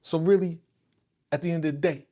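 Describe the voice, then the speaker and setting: A man's voice: fairly high pitch, steady tone, a little fast, mellow. A man hosting a live reaction stream, chatting casually in slang and laughing often. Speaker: streamer host.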